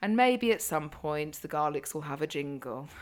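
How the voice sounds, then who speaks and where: A woman's voice: low voice, expressive, a little slow. A young woman co-hosting a casual podcast, chatty and blunt, swearing freely and laughing often. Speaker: podcast co-host.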